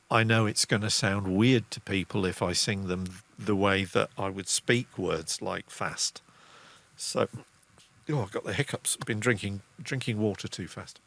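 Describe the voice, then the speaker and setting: Middle-aged male streamer with a Lancashire lilt, slow and meandering delivery. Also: on the low side, creaky, fairly bright tone. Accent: English, Lancashire with Midlands traces. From England. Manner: rambling, self-interrupting, reads chat comments aloud. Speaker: livestream host, musician. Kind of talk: casual livestream chat.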